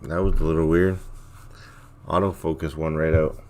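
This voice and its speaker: Low-voiced man chatting on a livestream. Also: level tone, normal speed, darkish tone. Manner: rambling, laid-back, reacts to chat. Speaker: livestream host. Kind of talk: casual chat reading viewer comments.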